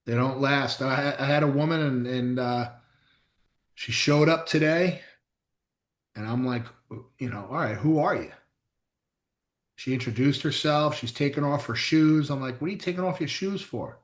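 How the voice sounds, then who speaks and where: Recorded in an echoey room, a middle-aged man who works as a chiropractor co-hosts a casual chat. He speaks at medium pitch, a little slowly and with frequent pauses, as he tells blunt, emphatic stories with some mild swearing.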